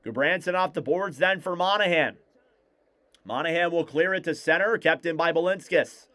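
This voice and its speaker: A man with a smooth, clear voice that sits a little high for a man delivers live hockey play-by-play. He fires off rapid, clipped calls and lifts his voice whenever a shot goes in. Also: a bit bright. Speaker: play-by-play commentator.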